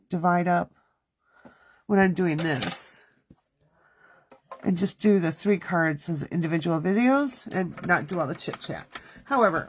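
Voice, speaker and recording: A woman's voice: lowish voice, slight background noise. A woman in her thirties hosting a casual crafting livestream from her home studio, chatting and talking to herself as she works. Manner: chatty, talks to herself while working. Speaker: card-making livestream host.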